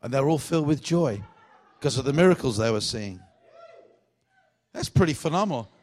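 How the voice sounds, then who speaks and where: A man with an Australian accent preaching a revival sermon to a congregation, jokey and exuberant, swinging from hushed asides to shouts. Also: mid-range voice, expressive, a little fast. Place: church hall before a congregation.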